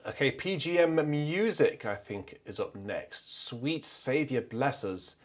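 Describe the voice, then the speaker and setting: A man's voice: on the low side, sing-song, normal speed, fairly bright tone. A man from the north of England hosting a casual livestream from an organ, reading viewer comments and chatting to himself while he picks out stops. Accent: English, mild Northern trace. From North Derbyshire and South Yorkshire, England. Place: church with organ.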